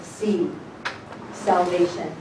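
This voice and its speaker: A woman teaching a congregation as rebbetzin. She gives an informal sermon, reading scripture slowly and then talking bluntly and casually. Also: lowish voice, steady tone. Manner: emphatic and blunt, shifting between slow scripture reading and quick casual talk. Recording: echoey room, distant mic, noisy.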